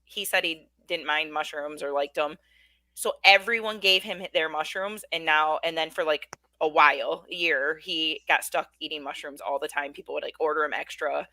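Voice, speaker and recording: Gravelly-voiced female podcast co-host. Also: low-pitched, fairly even intonation, moderate pace, pushed and bright, no echo. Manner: chatty storyteller. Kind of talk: casual chat.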